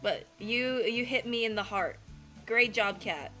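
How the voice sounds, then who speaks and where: A woman co-hosting a live art stream, chatting casually in a bubbly, emotionally expressive way. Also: a little high, unhurried. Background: faint Christmas music.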